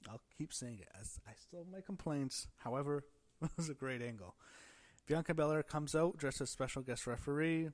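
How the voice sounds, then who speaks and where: A man's voice: fairly high pitch, brisk. A man giving a casual, rambling recap of a wrestling show, thinking aloud with fillers and restarts.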